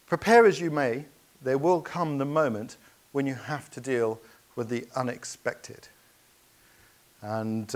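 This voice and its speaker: A man telling adventure anecdotes in a keynote talk, earnest and anecdotal, with hesitations and restarts. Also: medium pitch. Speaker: speaker.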